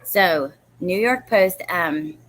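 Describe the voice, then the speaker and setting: A woman's voice: lowish voice, takes it slowly, a bit bright. Chatty woman hosting a livestream. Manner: chatty, rambling, greets viewers by name. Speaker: true crime livestream host. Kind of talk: casual livestream chat, reading comments.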